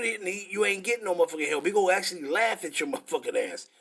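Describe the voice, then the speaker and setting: A man preaching in a combative, profane style, reading scripture slowly between angry asides. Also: high-pitched, fairly bright tone.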